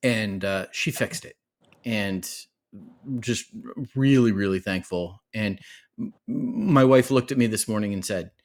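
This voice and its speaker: A man's voice: lowish voice, very animated, a little slow. A man co-hosting a live-streamed podcast, telling a small personal story in a chatty, self-deprecating way. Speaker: podcast co-host. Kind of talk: casual live-stream chat.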